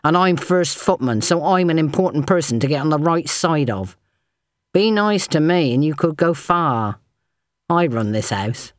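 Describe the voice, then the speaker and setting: A woman's voice: low voice, expressive, normal speed, no room sound, clean studio sound. A woman putting on a sneering young footman. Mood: swaggering. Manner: mocking, withering, swaggering. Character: sneering thin young male footman, bullying.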